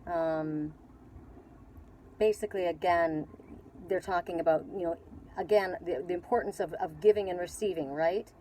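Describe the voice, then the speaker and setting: A woman's voice: lowish voice, moderate pace, pauses often, dark tone, slight background noise, low-quality recording. Rambling Canadian woman reading tarot outdoors. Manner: rambling with many restarts and fillers. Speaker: tarot reader. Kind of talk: casual spiritual reading. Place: outdoor patio.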